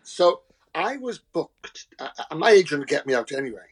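A man, a guest actor telling lively anecdotes, laughing often and acting out voices. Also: on the high side, moderate pace, husky, poor audio. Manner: animated storyteller, laughs often, acts out voices. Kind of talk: anecdotal chat.

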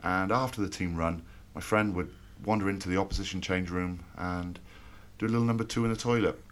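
Low-voiced man. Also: a little fast. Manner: relaxed, joking, rhetorical questions. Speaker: podcast co-host, former rugby player. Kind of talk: casual chat.

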